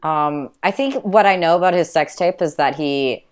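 A young woman co-hosting a podcast, talking in a halting way with many restarts and fillers. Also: sits low, clear, resonant tone. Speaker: podcast co-host. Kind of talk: casual chat.

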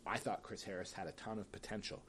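With a low but fairly bright voice and a quick pace, a man offers casual solo commentary on wrestling matchups. He picks winners, adds opinionated side remarks, and sighs once in a while, with a bit of noise in the background.

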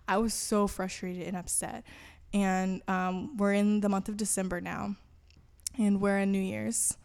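A woman's voice: medium pitch, flat delivery, measured pace, gravelly, darkish tone. Casting note: woman guest, candid and chatty, shares a personal faith story on a podcast. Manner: candid, laughing, frequent fillers. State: voice cutting out. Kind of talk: personal testimony interview.

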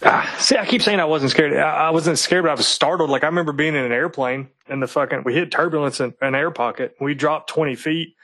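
Guy from eastern kentucky, cussing his way through loose rambly stories, voice sits a bit high, super dry sound. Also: brisk, few pauses, pushed and bright, dry recording, rough recording. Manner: profane, rambling storytelling. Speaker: podcast co-host. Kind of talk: casual chat.

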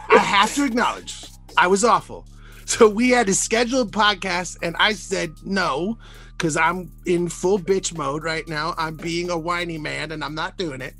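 A man hosting a podcast in casual, profane trash-talk chat, animated and self-mocking, laughing often. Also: sits high, measured pace, faint music behind. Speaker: podcast host.

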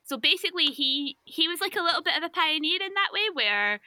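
Woman, chatty podcast guest, bright dry sound. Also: high voice, lively intonation, dry recording. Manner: chatty, upbeat, quick laughs. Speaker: podcast guest discussing research. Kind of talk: casual chat.

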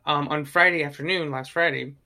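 A man co-hosting a casual movie chat, rambling with lots of fillers and animated asides. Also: on the high side, brisk. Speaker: podcast co-host.

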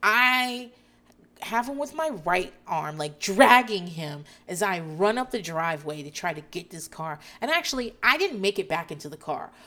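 A woman in her thirties, a mother of four, telling a story in casual chat, animated and quick to swear and laugh. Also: on the low side.

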